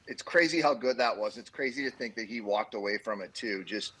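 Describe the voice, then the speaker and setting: Bright-voiced middle-aged man co-host. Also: fairly low pitch, fairly quick, slightly rough. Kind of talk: casual chat.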